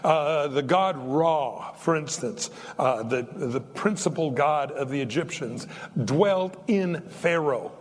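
An older man preaching a sermon in a folksy, animated way, joking between his points. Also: fairly high pitch, slow. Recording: long hall reverb.

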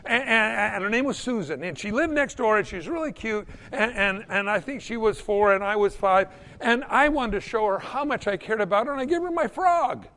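A male preacher delivering a sermon in a church sanctuary, his high voice leaping up and down in pitch. He talks emphatically, rising to loud peaks and then sinking to a hush. A long reverb from the hall trails each phrase. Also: lively intonation, a little fast. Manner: emphatic, swinging between loud peaks and hushed drops.

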